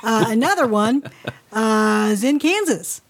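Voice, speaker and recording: A woman co-hosting a casual chat, playful and quick to laugh, explaining topics at length. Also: fairly high pitch, lively intonation. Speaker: co-host.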